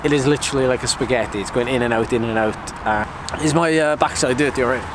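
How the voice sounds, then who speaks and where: A man chatting casually to camera, thinking aloud after a warm-up lap at a muddy outdoor course. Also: medium pitch, fast. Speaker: vlogger and amateur cyclocross racer. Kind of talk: casual vlog chat to camera. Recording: outdoor recording with clear background noise.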